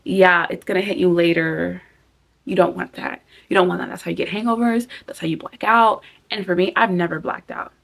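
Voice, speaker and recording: A woman's voice: fairly low pitch, steady tone, brisk, creaky, fairly bright tone. A woman in her twenties giving casual, emphatic advice to camera, repeating phrases for stress and acting out her own thoughts. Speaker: vlogger giving life advice.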